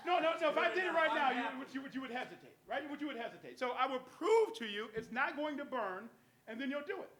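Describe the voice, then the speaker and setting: Amid crowd noise and roomy acoustics on a live cafe stage, a stage magician coaxes volunteers through a trick one step at a time, joking as he gives commands. His very high voice is quick and lively in intonation.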